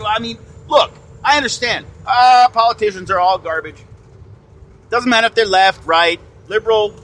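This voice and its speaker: A man with a very high-pitched, sharp voice hosts a podcast over a phone, with a little hiss or hum on the line. His opinion monologue is a blunt, indignant rant full of swearing and repetition.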